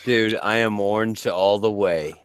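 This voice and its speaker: A man's voice: lowish voice, clear, resonant tone, no echo. A man hosting a casual talk show, joking and swearing as he bounces off his co-hosts. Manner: joking, swearing, quick to laugh. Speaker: podcast host.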